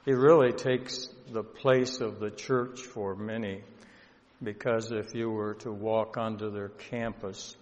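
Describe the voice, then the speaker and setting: Slow, earnest pastor in a reverberant hall. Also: male voice, on the low side, fairly even intonation, darkish tone. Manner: slow, earnest storytelling with emotional swells. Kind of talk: sermon storytelling. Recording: dull lo-fi sound with long hall reverb.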